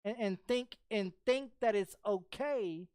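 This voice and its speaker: A woman's voice: medium pitch, a little slow, darkish tone, smooth, no room sound, studio quality. A woman game streamer telling a story as a heated, profane rant, swearing constantly and sounding confrontational, on a desk mic.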